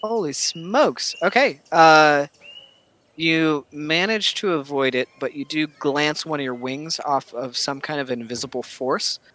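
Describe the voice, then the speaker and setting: A male game master narrating a tabletop role-playing session in a casual, halting way, filling gaps with ums and uhs. His voice is bright and forceful. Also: on the high side. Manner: casual, many fillers and pauses.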